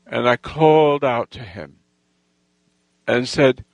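A man telling a rambling, boastful personal story, halting with restarts and lost threads. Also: medium pitch, creaky, no echo, poor audio. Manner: boastful, self-assured storytelling.

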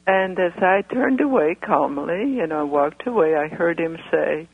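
A woman's voice: fairly low pitch, animated, a little slow, creaky, husky, dry recording. A woman from Europe calling in to a radio show, talking in a rambling, hesitant way with many fillers. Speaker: caller. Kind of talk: phone-in conversation. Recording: tinny phone line.

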